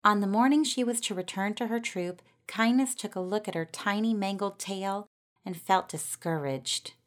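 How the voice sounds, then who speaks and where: A woman narrating a children's storybook in a gentle, expressive reading voice. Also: medium pitch, moderate pace.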